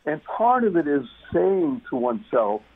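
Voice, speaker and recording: A man's voice: a little high, very animated, moderate pace, husky. A man talking as a guest on a talk radio show, emphatic and repeating key words for stress. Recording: muffled phone-line radio sound.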